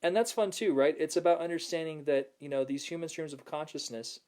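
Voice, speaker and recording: A man's voice: on the high side, a little fast, darkish tone. A man hosting a casual motivational video, reading viewer comments aloud and laughing often as he talks. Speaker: host of a self-help video. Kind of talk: casual motivational talk to camera.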